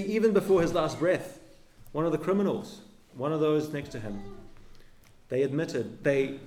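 A man preaching a sermon as pastor, earnest, with his voice dropping low and soft at the ends of phrases. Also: reverberant. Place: church.

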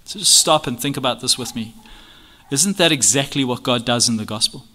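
A man's voice: mid-range voice, brisk, pushed and bright. Earnest man teaching with rhetorical questions. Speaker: Bible teacher. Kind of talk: expository teaching on a church confession.

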